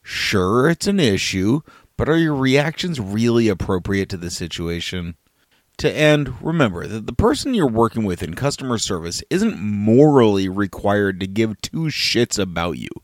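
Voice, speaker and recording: A man's voice: lowish voice, sing-song, moderate pace, dry recording, clean studio sound. A man in his thirties telling a blunt, profane everyday story. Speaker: customer service worker telling a story. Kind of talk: casual storytelling.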